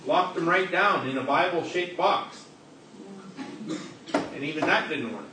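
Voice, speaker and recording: A preacher with a slightly high voice speaks at an unhurried pace, delivering an interactive sermon in a large hall and playfully joking as he questions audience members. The recording is distant and noisy, with heavy echo from the hall.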